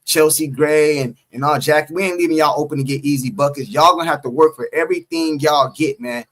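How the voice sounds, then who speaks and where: This man co-hosts a casual post-game sports stream, reading the chat, talking emphatically, repeating his points and teasing viewers. His voice sits on the high side, with a steady tone, fairly quick delivery and a fairly bright quality.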